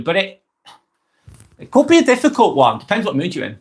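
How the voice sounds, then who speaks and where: Man, forties, live stream host, casual chat, friendly and rambling, fairly high voice. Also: wildly swooping pitch, fairly quick, breathy edge. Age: 40s. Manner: chatty and friendly, ranting a little, apologising often. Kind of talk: casual live chat reading viewer comments.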